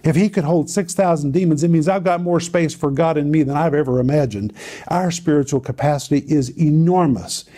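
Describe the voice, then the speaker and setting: Emphatic male Bible teacher, mellow tone. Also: on the high side, fairly quick. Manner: emphatic, dramatic storytelling with repeated phrases.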